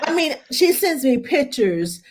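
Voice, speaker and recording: A woman's voice: high-pitched, big pitch swings, a little slow. A woman who is a career nanny, chatting casually and telling stories, acting out the voices of the people she quotes and laughing often. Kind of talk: casual conversation, storytelling.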